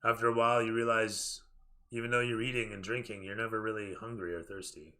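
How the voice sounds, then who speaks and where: A man's voice: fairly low pitch, level tone, a little fast, bright, forceful tone. A man narrating a tabletop role-playing game as dungeon master, describing scenes cinematically to his players.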